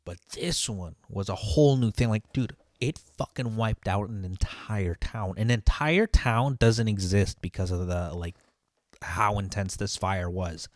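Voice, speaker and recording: A man's voice: fairly low pitch, measured pace, no room sound, clean studio sound. A man who works as a line cook tells a story in a casual, rambling monologue. He swears constantly, leans on "like" and "dude", and often restarts his sentences. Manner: profane and heated, heavy on "like" and "dude".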